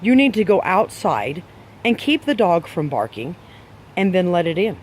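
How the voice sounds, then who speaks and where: A man's voice: high-pitched, sing-song, normal speed, a little hiss or hum. A man giving dog owners blunt training advice, emphatic and scolding, with many rhetorical questions.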